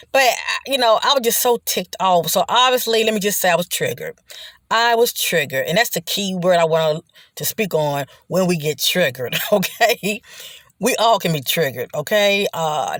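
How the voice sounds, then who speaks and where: A speaker giving a casual motivational talk, loose and conversational, often checking in with "okay?" and "you know", slowing and softening on reflective points. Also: medium pitch, no room sound, clean studio sound. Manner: slows down and drops soft on reflective points. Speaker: vlogger sharing personal testimony.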